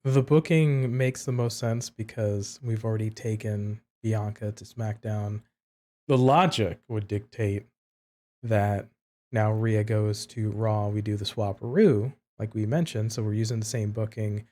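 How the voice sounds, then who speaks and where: A man's voice: on the low side, fairly even intonation, a little slow, warm tone. A man co-hosting a casual podcast, recapping and reasoning aloud in a methodical way. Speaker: podcast co-host. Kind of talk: casual chat.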